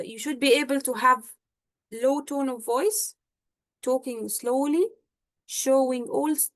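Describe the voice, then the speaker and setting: A woman with a fairly high voice leads a medical exam teaching session at an unhurried pace. She checks in with her students often and stops to search for words. The sound is dry and close. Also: a bit bright, dry recording. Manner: explanatory, frequent "okay?" and "all right?" check-ins.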